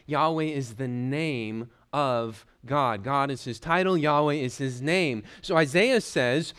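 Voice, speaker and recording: A man preaching an expository sermon as a pastor, in an emphatic style that swells into forceful declarations. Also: mid-range voice, slow pace, hardly any pauses, clean tone.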